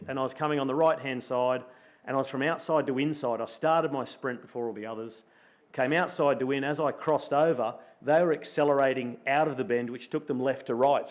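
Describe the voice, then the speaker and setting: A middle-aged Australian man, a former pro cyclist, telling a lively story at a luncheon and acting out his own thoughts as he goes. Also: on the high side. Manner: animated storyteller, acts out his own thoughts in quoted asides. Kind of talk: storytelling in a live interview. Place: luncheon event room.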